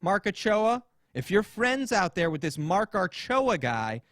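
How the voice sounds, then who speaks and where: A man's voice: sits high, very animated, unhurried, fairly bright tone, no room sound, studio quality. A man hosting a podcast, telling a story in casual, rambling chat, swearing and acting out quotes. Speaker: podcast host.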